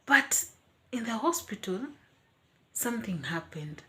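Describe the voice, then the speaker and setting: A young woman telling a personal story in a casual vlog, animated and expressive, often acting out her own reactions. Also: mid-range voice, a little slow. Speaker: vlogger.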